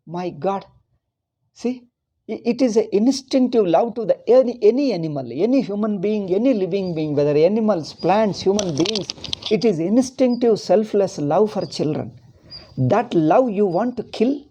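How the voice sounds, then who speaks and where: A man's voice: sits high, lively intonation, normal speed, mellow, poor audio. A middle-aged man from India with an Indian English accent, giving a rambling, impassioned religious discourse as a spiritual teacher. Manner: rambling and impassioned, with many restarts.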